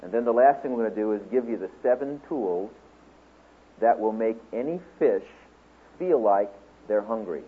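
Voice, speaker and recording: A man speaking at a Bible teaching seminar, telling a story and then lecturing to a class in an animated way, acting out the quotes. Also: fairly low pitch, moderate pace, breathy edge. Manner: animated storyteller, acts out quotes, laughs along. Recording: tinny phone-like lo-fi recording.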